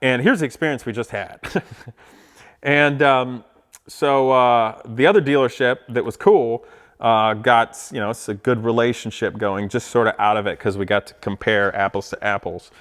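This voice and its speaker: A man's voice: medium pitch, normal speed, a bit bright, clean tone. A man casually telling a story to camera, laughing often and acting out what people said. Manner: laughs often, acts out quotes animatedly. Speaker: vlogger.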